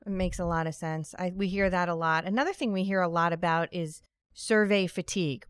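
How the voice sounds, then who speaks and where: A woman's voice: fairly low pitch, fairly even intonation, a little fast, clean tone, no room sound. A woman hosting a scripted podcast conversation, upbeat with a dry, sarcastic humor. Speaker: podcast host.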